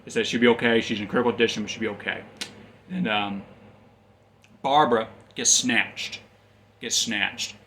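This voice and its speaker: A man's voice: fairly low pitch, steady tone, normal speed, pauses often, sharp tone, slight background noise. A man casually recapping a comic's plot as a reviewer, rambling with frequent ums and restarts.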